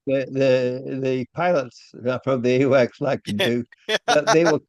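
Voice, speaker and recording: A man's voice: medium pitch, steady tone, a little slow, darkish tone, dry recording. An older man, a retired aircraft engineer, talking casually in an interview, often repeating words and chuckling at his own stories.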